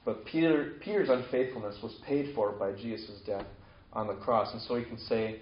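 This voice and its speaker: A man's voice: lowish voice, normal speed, slight background noise. A man preaching a casual sermon, retelling scripture in a conversational way and acting out the quoted lines. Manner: conversational, acts out quoted lines with sudden lifts. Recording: echoey, dull lo-fi room sound.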